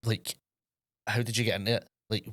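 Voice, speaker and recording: A Scottish podcast co-host who talks quickly and chattily in a low voice. The sound is dry and close, with no room echo. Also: male voice, little pitch movement, fairly bright tone. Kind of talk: casual podcast chat.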